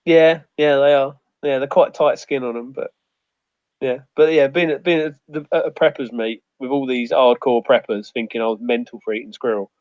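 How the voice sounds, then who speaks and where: A man's voice: medium pitch, fairly even intonation, moderate pace, darkish tone, no echo. A man with a rambling, sweary storytelling manner in a casual outdoors chat. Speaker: outdoors guest. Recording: muffled dry audio.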